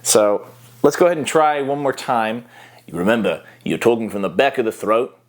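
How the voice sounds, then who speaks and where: A man's voice: mid-range voice, moderate pace. A man explaining voice acting in a casual how-to tutorial, easygoing and explanatory, now and then breaking into short character demos.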